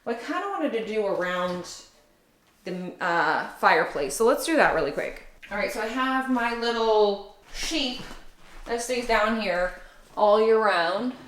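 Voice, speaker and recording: A woman's voice: medium pitch, expressive, a little slow, a bit bright, slight background noise. A woman in casual, upbeat vlog chat, thinking aloud as she decorates her living room. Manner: chatty, upbeat, thinks aloud while working. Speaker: home decor vlogger. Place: home living room by a fireplace. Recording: roomy room echo.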